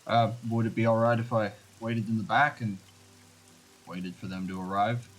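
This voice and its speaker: A man playing his character in a tabletop game, calm and measured. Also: fairly low pitch, poor audio. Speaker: player. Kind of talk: tabletop role-play.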